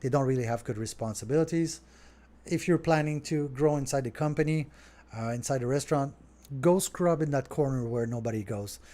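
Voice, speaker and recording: Mellow-voiced French Canadian man. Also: medium pitch, fairly quick. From Canada, Montreal. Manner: relaxed, rambling, talks straight to viewers. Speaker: restaurant owner hosting a Q&A. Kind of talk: casual solo Q&A podcast.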